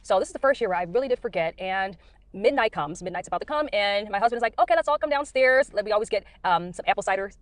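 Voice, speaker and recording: A middle-aged American woman talks quickly and earnestly from inside her car, drifting and looping back with plenty of fillers. Her voice sits close and dry, with no room around it. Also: mid-range voice, dry recording. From United States. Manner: earnest, rambling, many fillers. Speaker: Christian speaker sharing dreams. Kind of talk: casual testimony.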